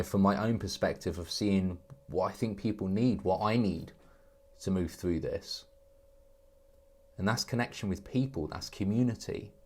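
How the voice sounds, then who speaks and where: Man, fairly low voice, earnest, reflective, conversational host. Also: a little mellow. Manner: earnest, reflective, lots of restarts. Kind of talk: conversational business advice.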